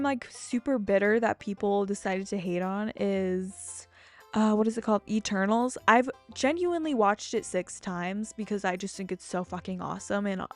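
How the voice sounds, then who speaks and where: A young woman chatting casually over her gameplay, rambling from topic to topic, getting excited and swearing freely. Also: mid-range voice. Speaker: gaming YouTuber.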